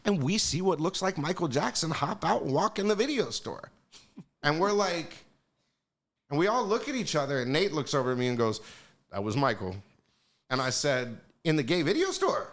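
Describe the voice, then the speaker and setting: A man on a podcast telling casual stories in an animated, profane way, acting out the voices of people he quotes. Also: fairly high pitch, normal speed. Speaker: podcast guest. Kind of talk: casual storytelling.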